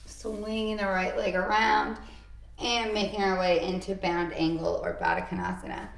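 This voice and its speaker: A woman teaching a yoga class, calmly cueing poses and breaths with encouraging asides. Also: medium pitch, normal speed, creaky, echoey room. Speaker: yoga instructor. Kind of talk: guided yoga class instruction.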